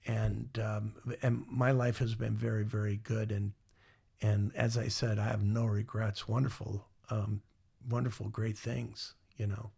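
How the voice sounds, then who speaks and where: A man's voice: lowish voice, flat delivery, measured pace, vocal fry, mellow, husky. A middle-aged man, a guest on a podcast, reflecting on his career in a rambling, storytelling way. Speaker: guest, former mall marketer.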